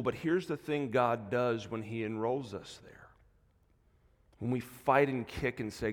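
A man's voice: mid-range voice, normal speed. Man preaching in a reverberant church. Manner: swings from hushed, soft passages to loud, emphatic preaching. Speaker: pastor. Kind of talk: sermon. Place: church sanctuary. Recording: long hall reverb in a church.

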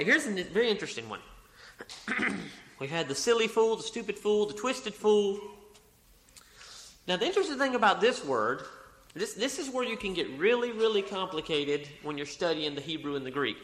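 A man's voice: high voice, expressive, normal speed, a bit bright. A man preaching a sermon in a church, reading scripture aloud and repeating his phrases. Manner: repeats phrases, reads scripture aloud, corrects himself mid-sentence. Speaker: pastor. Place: church sanctuary. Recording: echoey church hall.

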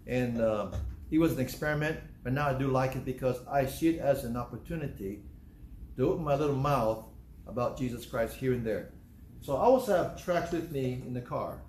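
A man's voice: mid-range voice, slight background noise. Man preaching in an echoey room. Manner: conversational preaching with sudden loud emphatic bursts. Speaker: pastor. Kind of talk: sermon.

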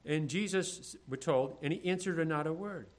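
A man's voice: fairly high pitch, normal speed. A male pastor preaching a sermon, reading scripture and then acting out the disciples' complaints in everyday speech. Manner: reads scripture in old-fashioned phrasing.

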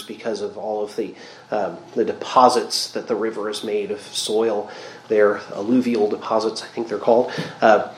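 A man teaching a Bible study in a mid-pitched voice. He explains patiently and thinks aloud. The room gives his voice a noticeable echo. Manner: thoughtful, explanatory, reflective asides. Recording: roomy echo.

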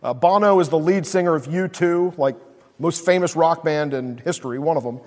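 Man, high voice, pastor, casual conversational sermon, long hall reverb. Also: normal speed, darkish tone. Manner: casual storytelling with frequent "like" and "uh".

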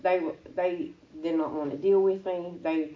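A woman telling her personal faith testimony in an earnest, halting, emotional way. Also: lowish voice, fairly even intonation, dull audio.

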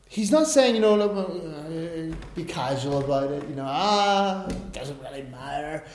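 A man preaching a sermon in a conversational way, swinging between quiet asides and loud, emphatic stresses. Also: fairly high pitch, a little slow. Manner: conversational, tells personal anecdotes. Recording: roomy echo.

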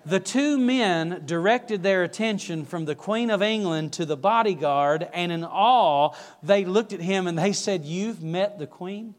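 A man's voice: sits high, unhurried, hardly any pauses. A male preacher telling an anecdote in a sermon, correcting himself mid-story.

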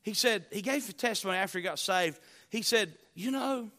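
High, bright-voiced preaching man. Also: expressive, a little fast. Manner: rises from quiet storytelling to loud pleading. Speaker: pastor. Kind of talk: sermon.

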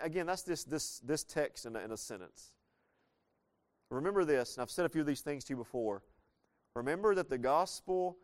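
A man with a Southern US accent preaching a sermon as a pastor, in a conversational, folksy storytelling way with sudden bursts of emphasis. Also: medium pitch. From Southern United States.

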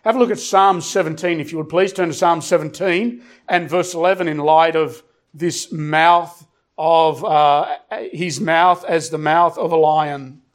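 A middle-aged man delivers a sermon in a fairly high voice. He hammers key words through repetition, and he drops into a slow, weighty cadence whenever he reads scripture. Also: fairly even intonation. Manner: emphatic, repeats phrases, slows down for scripture. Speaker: pastor.

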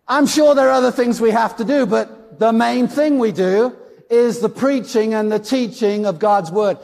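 Guy preaching, kinda high gravelly voice, hammers words over and over, big echoey church. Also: normal speed, a little mellow. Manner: emphatic, repeats words for stress. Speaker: pastor. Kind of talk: sermon. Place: church sanctuary. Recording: church hall reverb.

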